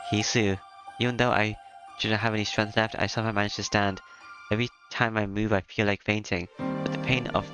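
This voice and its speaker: A man with a lowish voice reads a visual novel aloud, stumbling now and then with small fillers. The recording is dull and lo-fi, with music clearly playing underneath. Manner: halting read with fillers. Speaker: game narrator.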